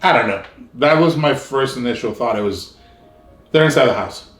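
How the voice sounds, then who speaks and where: A man's voice: medium pitch, moderate pace, a bit bright, reverberant. A man in his thirties with an American accent, casually telling a rambling childhood story full of fillers. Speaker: vlogger.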